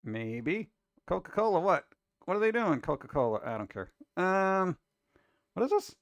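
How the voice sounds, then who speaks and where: An exasperated man hosting a casual food-video reaction show, with a fairly high voice that swings up and down in a lively way. He keeps cracking jokes between complaints. The recording is dry and close to the mic. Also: normal speed, no echo. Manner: exasperated, wisecracking, animated.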